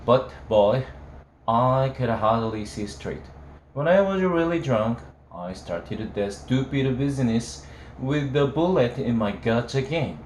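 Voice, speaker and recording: A man reading a novel aloud, telling it slowly in a casual first-person voice. His delivery is unhurried. The recording is roomy, with a faint hum of ambience behind him. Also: mid-range voice, a little mellow. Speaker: reader of a novel.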